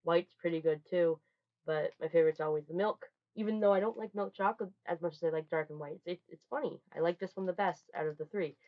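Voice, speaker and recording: A young woman chatting casually through a holiday haul, rambling and restarting, with sudden loud bursts. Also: lowish voice, quick pace. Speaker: vlogger. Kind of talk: casual show-and-tell haul. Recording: dull lo-fi home recording.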